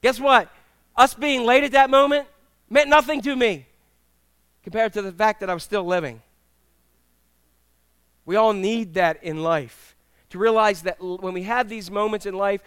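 A middle-aged male pastor preaching a sermon in a church, telling humorous stories with animated, acted-out quotes. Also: high voice, moderate pace, pauses often, smooth, no room sound. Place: church sanctuary with congregation.

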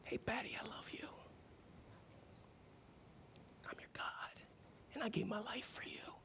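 Pastor doing a hushed, tender male God in whispered role-play, very soft and close. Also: very high voice, moderate pace, voice pushed up, exaggerated voice. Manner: hushed, intimate.

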